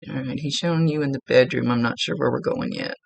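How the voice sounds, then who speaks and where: A woman's voice: rumbling low, fast, vocal fry. A woman working as a psychic medium, chattily relaying spirit messages in a casual reading and laughing now and then.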